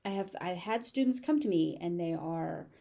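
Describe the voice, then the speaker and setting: Her voice is lowish, expressive, gravelly, and mellow as she teaches English pronunciation in a General American accent. Each word comes out slow and careful, repeated again and again.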